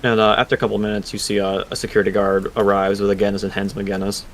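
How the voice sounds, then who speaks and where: A man narrating a tabletop game as game master, describing scenes slowly with fillers. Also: on the low side, monotone, a little hiss or hum.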